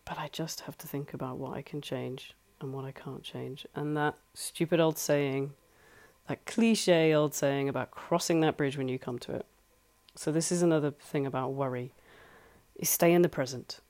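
Life coach chatting from their flat, earnest, keeps repeating the key bits, middling pitch. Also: moderate pace. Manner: earnest, conversational, repeats points for emphasis. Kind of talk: solo advice talk. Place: home flat.

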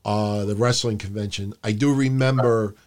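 A man's voice: lowish voice, steady tone, moderate pace, darkish tone. A man co-hosting a wrestling podcast, ranting bluntly and sarcastically with casual swearing. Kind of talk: casual opinionated podcast commentary.

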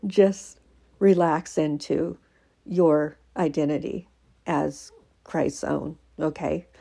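Low gravelly earnest woman. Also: steady tone, takes it slowly, warm tone. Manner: earnest, emotional, laughs often, many fillers. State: teary. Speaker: faith podcaster. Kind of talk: casual devotional talk.

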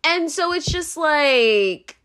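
Young woman, solo podcast host: exasperated rant, slightly high voice that swoops all over. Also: expressive, slow, a bit bright. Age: 20s. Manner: rambling, profane, constant "like" fillers; exasperated, ranting.

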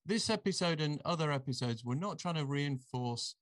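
A man's voice: fairly high pitch, lively intonation, normal speed. A man hosting a podcast in a rambling, casual way, full of ums and uhs. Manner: rambling, hesitant, with many fillers. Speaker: podcast host. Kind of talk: casual chat.

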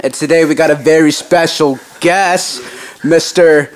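A man's voice: fairly high pitch, fairly even intonation, measured pace, a little hiss or hum. A young man hosting a casual podcast, opening the show in an upbeat, slangy way. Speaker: podcast host.

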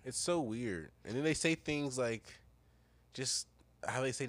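A man's voice: medium pitch, expressive, unhurried, fairly bright tone, dry recording. A laid-back man rambling in casual chat with a friend, laughing often.

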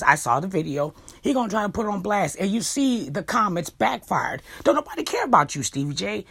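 Blunt woman ranting with husky voice. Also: medium pitch. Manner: blunt, profane, emphatic. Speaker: vlogger giving opinions. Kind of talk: casual commentary rant.

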